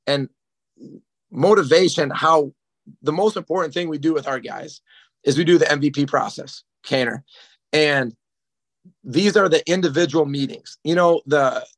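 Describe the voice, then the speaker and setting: A man's voice: on the high side, a bit bright, no echo. A man who is a strength and conditioning coach, explaining his motivation program directly on a group coaching call. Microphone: video call.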